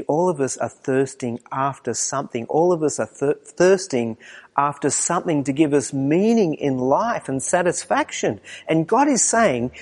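A man preaching a morning sermon, moving between quiet low passages and raised, emphatic lines. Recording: long reverb of a hall.

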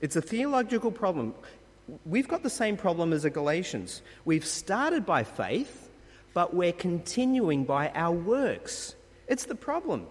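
A man's voice: high voice, sing-song, unhurried, long reverb tail. A man preaching a sermon as pastor, emphatic and full of rhetorical questions, calling his listeners friends.

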